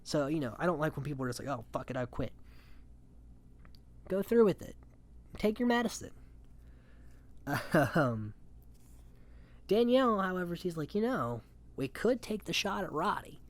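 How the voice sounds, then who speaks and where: Casual recap podcaster: mid-pitched, chatty, rambling, opinionated, filler-heavy. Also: sing-song, moderate pace, pauses often. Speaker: podcast host. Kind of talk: casual reality-show recap commentary.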